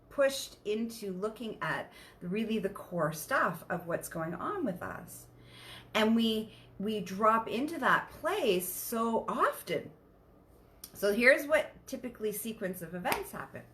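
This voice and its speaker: A woman sexual wellness coach talking casually and candidly as a podcast guest, animated and swearing freely. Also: medium pitch. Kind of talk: casual explanatory talk.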